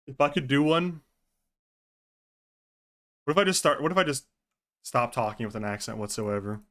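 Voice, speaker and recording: A man's voice: mid-range voice, expressive, normal speed, a bit bright. A male streamer chatting casually during a roleplay stream, laughing and swearing freely.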